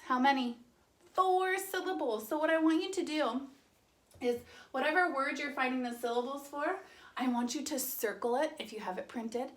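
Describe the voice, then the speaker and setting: A young woman teaching an online kindergarten lesson, cheerful and sounding out words slowly and clearly. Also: sits high, reverberant.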